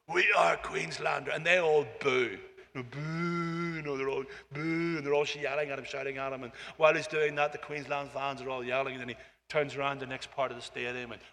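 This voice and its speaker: A man preaching a sermon in a relaxed, conversational way, with frequent "you know"s and repeated phrases. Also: medium pitch. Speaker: pastor. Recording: long hall reverb.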